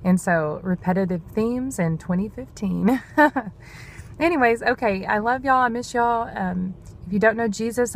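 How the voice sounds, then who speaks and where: A woman's voice: medium pitch, a little hiss or hum. A woman, talking earnestly and a bit rambling in a devotional vlog. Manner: earnest, rambling, says "y'all". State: emotional, near tears. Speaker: vlogger sharing prophetic words.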